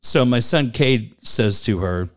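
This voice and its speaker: Animated man telling a family story. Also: medium pitch, unhurried. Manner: animated, laughs often, repeats "I go". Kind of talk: casual storytelling chat.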